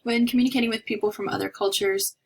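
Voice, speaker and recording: A woman's voice: fairly high pitch, steady tone, fast, vocal fry, husky, low-quality recording. A woman instructor from North America giving a recorded lecture in a chatty, discursive way with many fillers. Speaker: college instructor.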